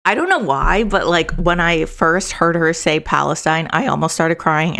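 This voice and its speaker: A woman's voice: sits low, animated, moderate pace, creaky, few pauses, fairly bright tone. A young woman giving casual, emphatic reaction commentary and swearing for emphasis.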